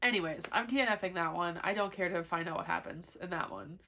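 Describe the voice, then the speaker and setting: A woman's voice: fairly low pitch, fairly quick, bright, forceful tone, a little hiss or hum. A young woman vlogging casually about her reading, talking in a chatty, frustrated way with lots of fillers. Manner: chatty, frequent "like", frustrated rant. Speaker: book vlogger. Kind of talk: casual chat.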